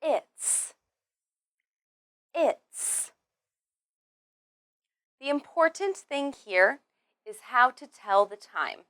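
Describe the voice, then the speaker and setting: A woman teaching English pronunciation, drilling words one by one and stressing each clearly. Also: on the high side, animated, unhurried, sharp tone, dry recording, clean studio sound. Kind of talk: slow, deliberate pronunciation lesson.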